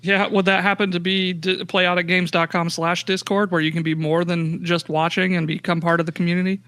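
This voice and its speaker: A man narrating a tabletop game as its game master, with a high, bright voice. He jokes and swears casually between scene descriptions, keeping things loose and laid-back. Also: flat delivery, brisk, clear, resonant tone, dry recording.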